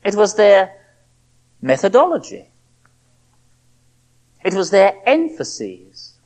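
A woman preacher with a slightly husky voice, moving through a Bible passage in measured, reasoning tones. Her pitch rises and falls a lot as she explains and makes her points. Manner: expressive, voices the apostle's pleas with feeling. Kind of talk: expository sermon.

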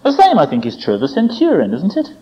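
Lively male preacher, lo-fi recording. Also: sits high, fast talker, breathy edge. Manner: expressive, questioning asides, dramatic quoted voices. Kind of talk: sermon. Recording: dull lo-fi recording.

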